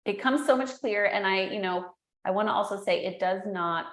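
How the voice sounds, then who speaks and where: A woman's voice: medium pitch, brisk. A middle-aged woman chatting as an interview guest, full of energy and acting out little voices as she tells stories. Her voice sits in a middle range for a woman. The room around her is echoey. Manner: energetic, animated storyteller who acts out quotes. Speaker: guest, entrepreneur and speaker. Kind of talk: casual interview chat.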